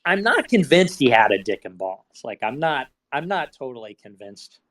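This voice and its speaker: A man hosting a casual stream chat, animated and rambling with lots of fillers. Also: mid-range voice, moderate pace. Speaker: podcast host.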